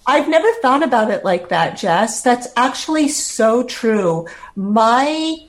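A woman's voice: a little high, sing-song, slow. An older woman, a podcast guest, telling her personal story in an earnest, heartfelt way, close to tears at times.

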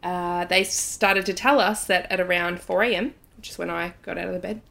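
A woman co-hosting a relaxed podcast, spinning a spooky personal story. She talks with animated energy and quickens at the tense moments. Her pitch sits a little low. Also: creaky. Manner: animated, breathless when telling scary parts, laughs often. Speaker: podcast co-host. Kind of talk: casual storytelling chat.

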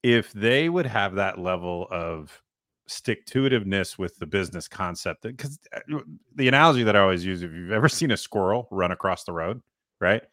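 A man's voice: sits low, expressive, a bit bright, dry recording, studio quality. A man co-hosting a podcast, making emphatic points with analogies and frequent "right?" checks. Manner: emphatic, explains with analogies and quick rhetorical "right?". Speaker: podcast co-host. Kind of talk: casual podcast chat.

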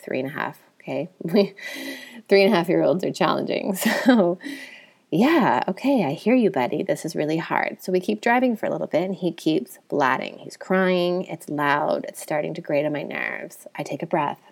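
Low, gravelly-voiced woman confiding. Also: moderate pace. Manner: candid, confiding storytelling. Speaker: psychologist and podcast host. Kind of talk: personal reflective podcast talk.

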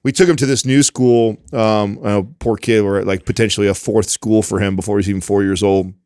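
A man's voice: lowish voice, steady tone, fairly quick, darkish tone, clean tone, dry recording, studio quality. A man in his thirties in casual chat, telling a story and laughing often.

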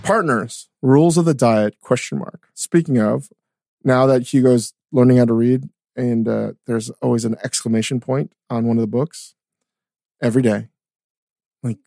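A man co-hosting a podcast in casual, rambling chat, swearing freely and reading product plugs at a quick clip. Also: mid-range voice, fairly even intonation, gravelly, darkish tone, dry recording, studio quality. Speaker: podcast co-host.

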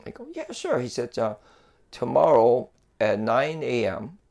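Gravelly man rambling through a story. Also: medium pitch, unhurried, darkish tone. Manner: rambling storyteller, many fillers and restarts. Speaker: guest telling a story. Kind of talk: casual chat.

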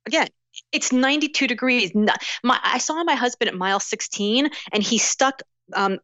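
Woman, middle-aged, animated storyteller, interview guest, dry close sound, dull lo-fi audio. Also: fairly high pitch, moderate pace, no echo. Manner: animated, acts out inner voices, many restarts. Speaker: guest author.

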